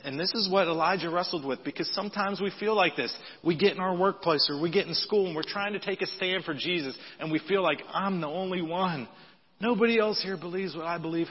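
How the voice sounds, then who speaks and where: A man's voice: mid-range voice, husky. Preaching man in an echoing hall. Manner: conversational preaching, animated scripture reading. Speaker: pastor. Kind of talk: sermon. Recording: dull audio with long hall reverb.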